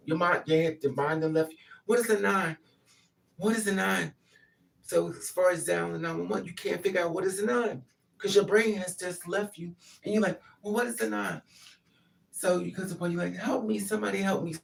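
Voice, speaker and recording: A woman's voice: on the low side, brisk, vocal fry, recorded from a distance. A grieving mother giving an impassioned, repetitive spoken monologue. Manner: impassioned, repetitive, acts out pleading quotes.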